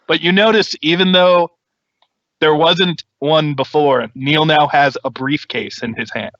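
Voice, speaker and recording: A man's voice: a little high, fairly even intonation, measured pace, a bit bright, dry recording. A man narrating as game master of a tabletop role-play game, in a playful, laughing way. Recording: dull lo-fi dry recording.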